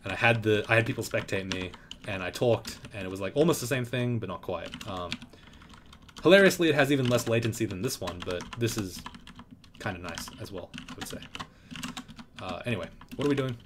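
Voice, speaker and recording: A man's voice: on the low side, lively intonation, fairly quick, background noise. A young man casually commenting on a live game stream, swearing and joking in mock trash talk at the game. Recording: loud keyboard clicks and typing.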